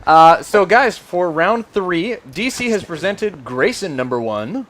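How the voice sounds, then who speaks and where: A man's voice: high voice, animated, a little slow, a bit bright. A man hosting a casual comic book panel show, announcing rounds and calling for votes in an upbeat way. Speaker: show host running votes.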